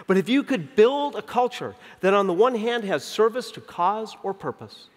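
A man in his fifties speaks from a stage at a conference, with a fairly high voice for a man. His keynote is full of story, with dialogue acted out and key lines drawn out slowly. A long hall reverb trails behind every phrase. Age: 50s. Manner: animated storyteller who acts out dialogue and slows down for emphasis. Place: large conference venue.

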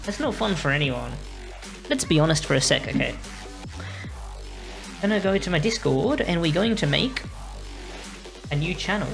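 A young woman with an Australian accent talks casually to her live-stream chat while she plays, rambling and apologizing as she goes. Her voice sits low and carries a gravelly fry, with faint game music behind her. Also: expressive, moderate pace, long pauses.

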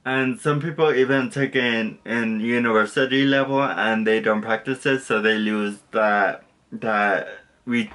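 A man's voice: lowish voice, fairly even intonation, a little slow, a bit bright. A young man casually teaching a basic lesson, rambling and correcting himself with lots of fillers and apologies. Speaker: language tutor.

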